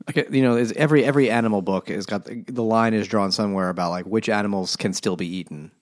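A man's voice: on the low side, fast. A man co-hosting a podcast, chatting casually and wryly about a book, rambling and laughing often. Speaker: podcast co-host.

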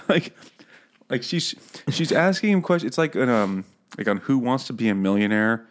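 A man's voice: medium pitch, normal speed, slight background noise. A man co-hosting a casual book podcast, mocking the characters with sarcastic quoted voices. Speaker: podcast co-host. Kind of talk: casual book-club chat.

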